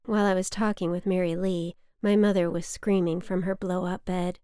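A young adult woman reading her personal essay aloud in a hushed, often whispered, intimate way. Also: on the low side, level tone, normal speed, hardly any pauses, clean tone, dry recording, studio quality. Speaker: narrator of her own memoir.

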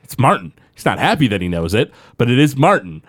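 A man's voice: mid-range voice, breathy edge, dry recording, studio quality. A man co-hosting a podcast, chatting casually with many fillers and recapping a cartoon episode. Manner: animated, many fillers, jumps into quick character impressions. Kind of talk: casual chat.

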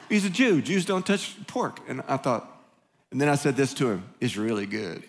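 A man's voice: on the high side, big pitch swings, slight background noise. Man preaching in a reverberant church. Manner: conversational, joking, with quick bursts and repeated restarts. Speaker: pastor. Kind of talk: sermon. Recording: long hall reverb.

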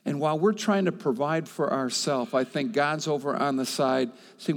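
Impassioned male preacher in a reverberant hall. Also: moderate pace. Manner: impassioned, swings from loud and high to soft, repeats himself. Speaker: pastor. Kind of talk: sermon.

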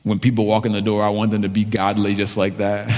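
A man pastor delivering a sermon and prayer, halting, with frequent restarts and fillers. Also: on the low side, completely flat delivery, a little mellow, big-room sound. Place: church sanctuary.

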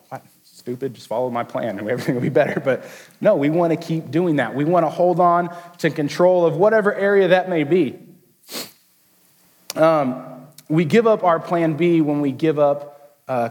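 A young man preaching a casual, joking sermon as a student pastor, slipping into quick voices for the people in his story. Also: fairly high pitch. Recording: long hall reverb.

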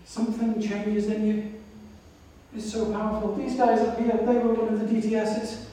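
A woman missionary gives a reflective sermon drawn from her own story. Her voice is warm and fairly even in tone. She sounds distant from the mic, in a hall with a long, roomy echo. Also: mid-range voice, moderate pace, a little hiss or hum. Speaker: missionary speaker. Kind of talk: sermon with personal testimony. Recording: echoey hall from far off.

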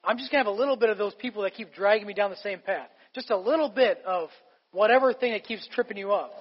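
A male pastor with a high voice, preaching emphatically in a relaxed, conversational way. His voice carries the long reverb of a large hall. The recording sounds a little muffled. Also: fast talker. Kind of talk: sermon.

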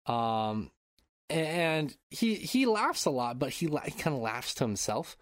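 A man hosting a podcast, telling a story in casual chat, animated and swearing freely while acting out loud shouts, on a close microphone at home. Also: fairly high pitch, unhurried, dry recording. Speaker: podcast host. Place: home room. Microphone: close podcast mic.

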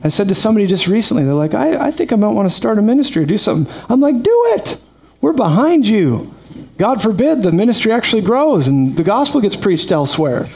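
A man preaching a lively sermon, energetic and quick to laugh, calling out praise to his congregation. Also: high-pitched. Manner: energetic, laughs often, calls out "praise God". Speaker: pastor.

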